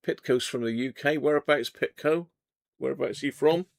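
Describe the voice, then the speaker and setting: Broadcasting live from a radio workshop at his home, this Devon man chats and jokes while working through comments from his viewers. His gravelly voice sits in the mid range, and he keeps a normal pace.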